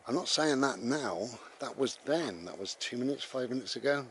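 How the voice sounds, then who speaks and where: A man's voice: mid-range voice, lively intonation, normal speed, slight background noise. A British man rambling conversationally about mindfulness, with frequent restarts, as he walks his dog outdoors. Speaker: vlogger. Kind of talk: casual spoken reflection on mindfulness.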